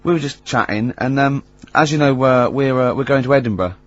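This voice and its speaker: A man's voice: medium pitch, a little fast, dry recording, muffled recording. A man hosting a radio show, telling rambling anecdotes full of ums and restarts. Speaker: radio host. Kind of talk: casual radio banter.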